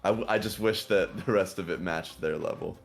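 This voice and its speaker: A man's voice: sits low, fairly quick, vocal fry, faint music behind. A man co-hosting a live stream, chatting casually and agreeably. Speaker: co-host.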